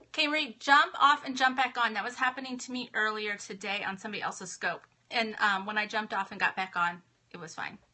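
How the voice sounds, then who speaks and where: A woman's voice: mid-range voice, fairly even intonation, normal speed, sharp tone. A woman in her thirties hosting a casual live stream from her home office, chatting and greeting viewers by name in a bubbly way. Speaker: livestream host.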